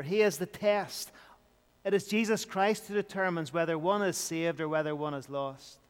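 A man's voice: high voice, clean tone, big-room sound. A man preaching an evening sermon in an earnest, repetitive style, building emphasis as he goes.

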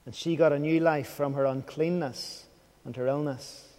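A man's voice: fairly high pitch, fairly even intonation, normal speed, darkish tone, big-room sound. A man preaching an evening sermon, earnest and questioning, sometimes dropping to a near whisper.

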